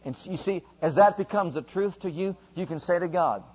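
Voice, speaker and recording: A man's voice: high voice, normal speed, slightly rough, highs cut off. A man preaching a sermon, emphatic and repetitive, leading the congregation in call-and-response.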